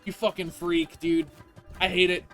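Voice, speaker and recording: A man's voice: high-pitched, flat delivery, moderate pace, a bit bright, faint music behind. A man streaming a video game, ranting in casual, profane commentary.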